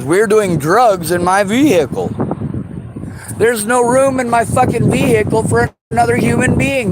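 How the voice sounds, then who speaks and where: A man with a high voice rants in fury, swearing constantly and turning bitterly sarcastic. He speaks outdoors, with faint traffic and street sounds behind him. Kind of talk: angry personal rant.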